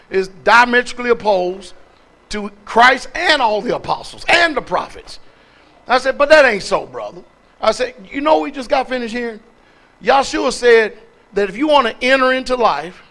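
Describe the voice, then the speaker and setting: A man's voice: very high voice, a bit bright. A man preaching a sermon as pastor, calling out questions to the congregation and repeating words for emphasis.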